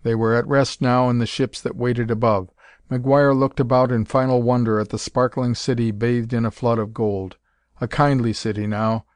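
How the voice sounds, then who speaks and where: Male audiobook narrator, measured, mid pitch, dry close sound. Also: a little mellow, no echo. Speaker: audiobook reader. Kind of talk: scripted narration.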